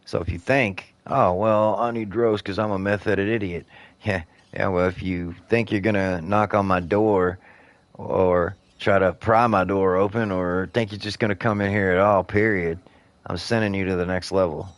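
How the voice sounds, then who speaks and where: Low-voiced man ranting profanely while gaming. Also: fairly even intonation, moderate pace, no echo. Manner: heated, profane, rambling rant. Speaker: gaming streamer. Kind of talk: ranting commentary while playing a game.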